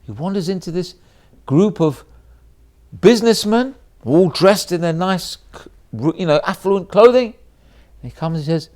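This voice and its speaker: High-voiced, animated rabbi telling a story. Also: male voice, normal speed. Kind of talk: storytelling sermon.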